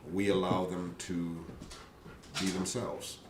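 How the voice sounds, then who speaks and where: A man's voice: low-pitched, level tone. A man, a father of a big family, talking earnestly about parenting, often restarting his sentences. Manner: earnest, halting with many restarts. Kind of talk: casual talk show conversation. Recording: roomy and distant with faint noise.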